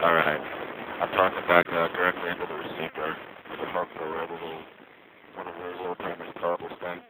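A very deep, monotone male voice carried down a payphone line, with clear traffic and city noise behind it. He rambles haltingly and wryly, with plenty of uh's and restarts. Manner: halting, wry, full of uh and restarts. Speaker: amateur field recorder. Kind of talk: rambling sound-check monologue. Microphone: payphone receiver. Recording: noisy street payphone line. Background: traffic, car alarm and subway noise.

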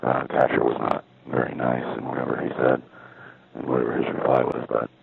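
A man's voice: extremely low pitch, completely flat delivery, brisk, vocal fry, phone-quality sound, slight background noise. A man rambling hesitantly in a casual monologue, often doubting his own memory, recorded from a payphone.

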